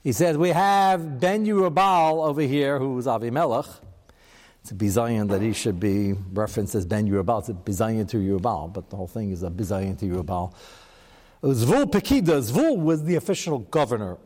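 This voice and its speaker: A man's voice: medium pitch, expressive, brisk, a little mellow, big-room sound. A man teaching a scripture lesson, chanting verses aloud and then explaining them in casual, wry asides, with an American accent. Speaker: Torah teacher. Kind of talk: text study lesson.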